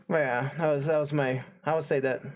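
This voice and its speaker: A man's voice: on the high side, background noise. A young man casually telling a story on a podcast, rambling with lots of fillers and laughing often. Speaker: podcast co-host.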